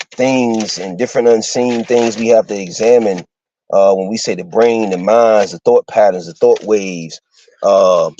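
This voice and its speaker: A man giving an informal lecture to his listeners, halting and full of fillers, spelling out terms letter by letter. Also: medium pitch, darkish tone, dry recording, lo-fi sound. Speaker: host teaching a class.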